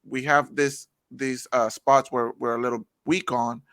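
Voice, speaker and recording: Bright-voiced man co-hosting a podcast. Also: medium pitch, fairly even intonation, unhurried, dry recording, studio quality. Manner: joking, rambling questions. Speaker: podcast co-host. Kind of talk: casual sports chat.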